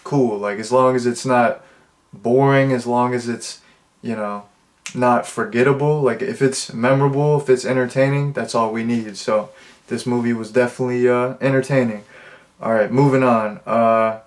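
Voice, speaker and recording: A man's voice: mid-range voice, steady tone, normal speed. A man giving a casual, rambling movie review, amused and full of filler words. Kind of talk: casual unscripted monologue.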